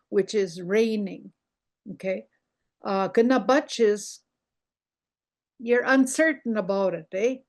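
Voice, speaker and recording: An older woman teaching a language lesson over a video call, slow and patient, repeating words for her learners. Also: mid-range voice, a little mellow.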